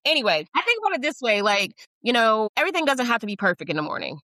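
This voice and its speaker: A woman's voice: fairly high pitch, big pitch swings, very fast, bright, forceful tone, no echo. A middle-aged woman hosting a casual podcast chat, talking candidly and with self-deprecating humor. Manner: candid, self-deprecating, chatty with frequent likes and you-knows. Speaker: podcast host.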